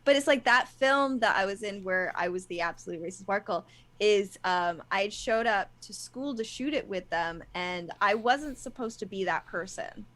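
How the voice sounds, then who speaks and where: A woman's voice: medium pitch, normal speed, a bit bright. A young woman from England chats as a guest on a live stream. She talks animatedly and acts out her own past conversations. She often stumbles and restarts her sentences. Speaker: guest, actress and producer. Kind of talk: casual live-stream chat.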